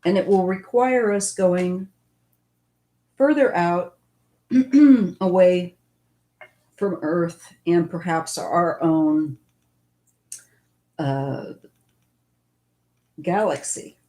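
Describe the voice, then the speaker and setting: A woman's voice: on the low side, extremely slow, long pauses, mellow. A woman giving a casual live-stream tarot reading, musing and thinking aloud as she goes. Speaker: tarot reader.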